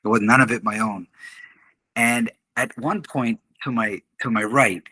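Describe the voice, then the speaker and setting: A middle-aged man, a podcast guest, telling a story in casual talk, animated and laughing often as he acts out what others said. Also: mid-range voice, a little slow, breathy edge, no room sound. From Canada. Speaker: podcast guest, martial arts instructor.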